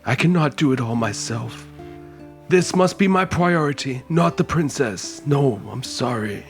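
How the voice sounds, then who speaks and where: A man voicing a weary, solemn old male wizard who speaks slowly and deliberately in a tabletop game. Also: medium pitch, lively intonation, soft background music. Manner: slow, grave and deliberate.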